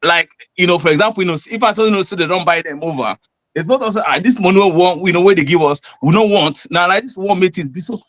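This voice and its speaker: A man with a Nigerian accent rambles through a call-in, stacking fillers between his points. His voice sits a touch high. The sound is dry and close. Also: fast, fairly bright tone, no echo. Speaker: caller. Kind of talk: casual call-in commentary.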